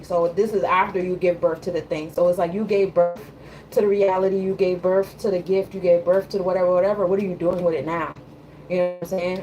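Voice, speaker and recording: A woman's voice: mid-range voice, a little mellow, slight background noise, poor audio. Woman giving a casual tarot reading. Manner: loose, conversational, repeats "you know what I'm saying". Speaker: tarot and astrology reader.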